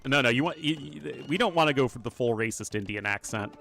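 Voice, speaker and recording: A streamer and game caster covers a strategy game live in a mid-range voice that's expressive, brisk, creaky and a bit bright. He keeps it chatty, drifting into asides and talking directly to chat, while soft music plays underneath.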